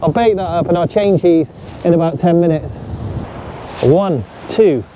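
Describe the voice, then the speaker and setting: An excitable man with a fairly high voice, talking to a camera set up on the beach. His chat to his viewers is casual and lively. Loud waves and surf roll in the background of the outdoor recording. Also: unhurried, slight background noise. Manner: chatty, excitable, talks straight to viewers. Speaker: fishing vlogger. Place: outdoors on a sandy shore at low tide.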